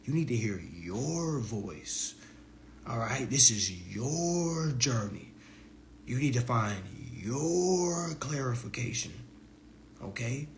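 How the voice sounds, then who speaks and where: A man giving a casual live-stream lecture as an online teacher, talking in loose slang and often jumping into high, mocking voices. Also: very animated, takes it slowly, gravelly, slight background noise. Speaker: online legal self-help teacher.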